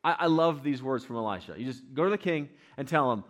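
A man's voice: medium pitch, animated, fast talker. A man preaching a sermon in a conversational, storytelling manner. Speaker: pastor.

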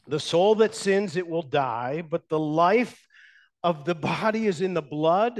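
A pastor preaching in a fairly high voice, retelling old stories from the pulpit. He swings between raised emphasis and hushed, quiet lines as he builds his points. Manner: storytelling, shifting between loud and hushed. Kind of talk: sermon.

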